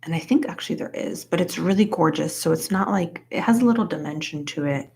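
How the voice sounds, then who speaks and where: Young woman, low voice, vocal fry, casual live stream chat, crocheting, chatty with lots of fillers. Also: fairly quick, darkish tone. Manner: chatty, says "like" a lot, reads out chat names.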